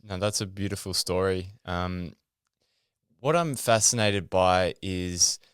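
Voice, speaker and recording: A man's voice: sits low, takes it slowly, clean tone, no room sound, studio quality. A man hosting a podcast, reacting with brief, affirming comments. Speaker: podcast host. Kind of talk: casual interview.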